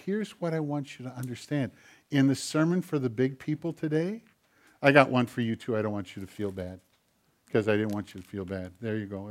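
A man pastor reading scripture and then giving a playful, friendly children's sermon. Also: medium pitch.

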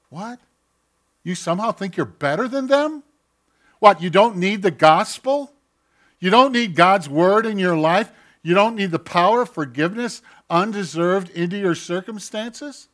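Higher-voiced male pastor, preaching. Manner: swings from loud mocking outbursts to quiet intimate asides; acts out quoted voices in his preaching. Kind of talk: sermon.

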